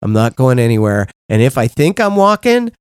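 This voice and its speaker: A middle-aged man co-hosting a podcast, telling candid, profane stories in a casual, animated way. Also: mid-range voice, moderate pace, smooth, no room sound, studio quality. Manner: blunt, profane, animated, frequent "right?". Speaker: podcast co-host.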